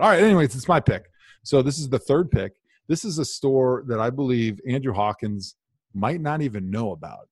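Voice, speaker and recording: A man co-hosting a casual podcast, from Wisconsin, telling stories with animated, mock-outraged energy. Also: medium pitch, moderate pace, slightly rough, no echo, studio quality. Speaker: podcast co-host.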